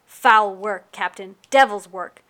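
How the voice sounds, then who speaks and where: A superstitious female sailor cries out dark warnings in a storybook tale, as a woman narrator puts her on. Her voice is bright and raised, urgent and grave. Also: medium pitch, takes it slowly. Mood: ominous.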